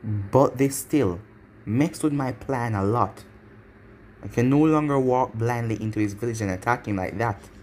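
A man voicing a low, scheming masked villain. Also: normal speed, darkish tone, a little hiss or hum, lightly acted.

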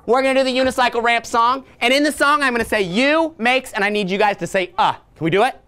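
A woman in her thirties teaching young children letter sounds in a library, playful and animated, making silly sounds and growls for them to copy. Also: a little high, fast. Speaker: children's entertainer. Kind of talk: interactive children's phonics lesson. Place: public library room with children. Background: faint ukulele.

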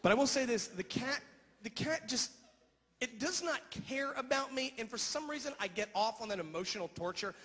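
A man doing a stand-up rant on a comedy stage. His voice sits very high and sounds bright and sharp, and it carries a long echo from the hall over faint hiss. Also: expressive, husky. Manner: rapid rant with repeated "all right?". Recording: reverberant hall, faint noise.

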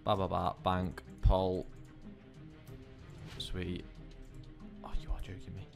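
A man's voice: deep voice, takes it slowly, creaky, music in the background. A man hosting a gaming channel, swearing and joking as he commentates his own gameplay. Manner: excitable, swearing, jokey banter.

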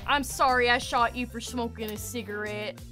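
A young woman streaming a game, talking casually in an excitable, rambling way and swearing often. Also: on the high side, normal speed, faint music behind. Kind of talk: casual gaming commentary.

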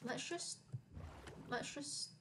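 A woman's voice: very slow, background noise. A young woman streaming a game, chatting casually and reading chat aloud.

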